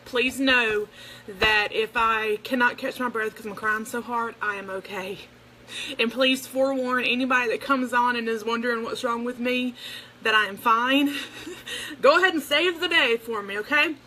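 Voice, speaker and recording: A woman's voice: fairly high pitch, pushed and bright, a little hiss or hum, low-quality recording. A young adult woman, talking casually and earnestly to viewers on a phone livestream, rambling with restarts. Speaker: livestream host. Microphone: phone camera.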